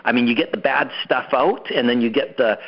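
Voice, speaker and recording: A man's voice: mid-range voice, a little fast, muffled recording. A man hosting an interview, upbeat, often repeating words as he starts a sentence. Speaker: host. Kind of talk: interviewing a guest.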